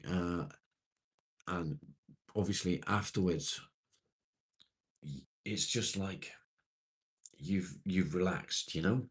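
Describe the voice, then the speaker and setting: A man's voice: sits low, slow pace, pauses often. A middle-aged man, casually chatting and reassuring viewers on a live stream.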